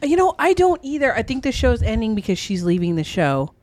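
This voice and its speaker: A woman's voice: fairly high pitch, very animated, brisk, darkish tone. A woman co-hosting a podcast, chatty and teasing in casual talk. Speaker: podcast co-host. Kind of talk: casual chat.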